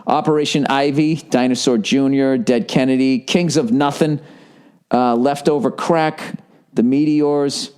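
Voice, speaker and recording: A man in his fifties with a Boston accent, hosting a podcast in casual, profane and animated chat. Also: mid-range voice, unhurried, clear, resonant tone. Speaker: podcast host.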